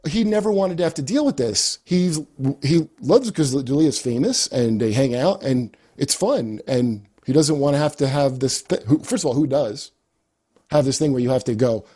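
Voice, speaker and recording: A man holds forth in loose, rambling podcast talk, full of swearing and his own laughter. His voice sits a little on the high side for a man. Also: warm tone. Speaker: comedian guest. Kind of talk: casual podcast chat.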